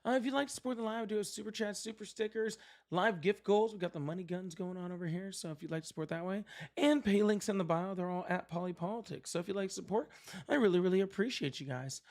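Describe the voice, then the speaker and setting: A man's voice: high voice, quick pace, a little mellow. A man hosting a political livestream from his seat at home, talking in a profane, sardonic, rambling way. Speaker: livestream political show host. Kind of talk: casual live-stream talk. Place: at home, seated.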